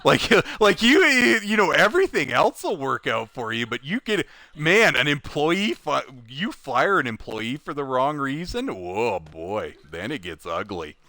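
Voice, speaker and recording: Man, casual storytelling, animated, lots of "like", bright voice, dry close sound. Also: medium pitch, a little slow, hardly any pauses, no echo. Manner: animated, full of "like", laughs while telling. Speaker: recycling plant worker telling a story.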